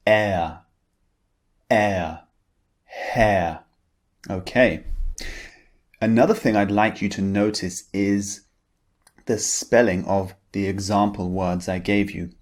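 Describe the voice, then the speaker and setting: A man teaching English pronunciation, modeling each vowel slowly and carefully for learners to repeat. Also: fairly low pitch. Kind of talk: slow, deliberate pronunciation lesson.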